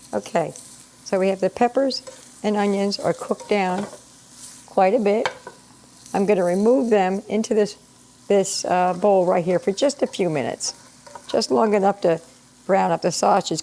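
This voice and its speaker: A woman's voice: fairly low pitch, warm tone. A middle-aged woman with a slightly scratchy voice from allergies, chatting her way through a home cooking video and explaining each step as she goes. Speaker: home cook and channel host. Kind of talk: casual cooking vlog. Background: sizzling pan in a home kitchen.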